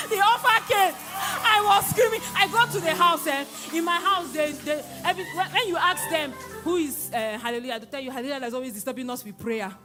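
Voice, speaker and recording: A young adult woman with a Nigerian accent, giving an emotional church testimony, often exclaiming and acting out what others said. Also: sits high. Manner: excited, exclaiming, quoting others in dialogue. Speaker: testimony giver at a church service.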